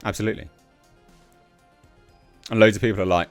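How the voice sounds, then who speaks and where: A man delivers a casual political rant in a low voice. He sounds exasperated and mocking, and his pitch swings widely as he talks. Faint music plays in the background. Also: animated, normal speed, pauses often. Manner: blunt, exasperated and mocking, with sarcastic asides. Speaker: political commentary podcaster.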